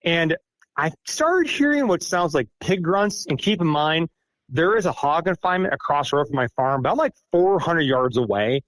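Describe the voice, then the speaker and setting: A man's voice: on the high side, animated, normal speed, fairly bright tone, no room sound. A middle-aged man from Iowa, a podcast guest telling a personal story casually, rambling and self-deprecating with many fillers. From Iowa, United States. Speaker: guest recounting an encounter.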